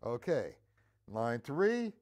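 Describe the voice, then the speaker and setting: A man's voice: mid-range voice, very animated, extremely slow, music in the background. A man teaching a live-streamed drum lesson, counting beats aloud and checking in with his viewers. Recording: drum kit playing behind voice. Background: loud drum kit.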